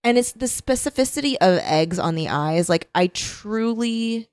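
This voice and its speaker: Giggly rambling woman, animated pitch. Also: a little slow, no room sound, studio quality. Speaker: podcast co-host. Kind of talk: casual comedic chat.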